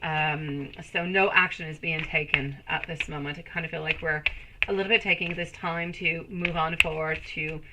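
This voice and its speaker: A woman in her thirties doing a live tarot reading, soft and soothing, calling viewers sweetie and turning bubbly when she greets the chat. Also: deep voice, fairly even intonation, normal speed, heavy background noise. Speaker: tarot reader.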